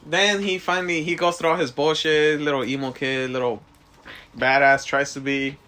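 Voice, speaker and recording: A man's voice: a little high, flat delivery, normal speed, bright, forceful tone. A young man co-hosting a casual podcast, crude and joking, ranting with mocking impressions. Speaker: podcast co-host. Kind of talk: casual chat.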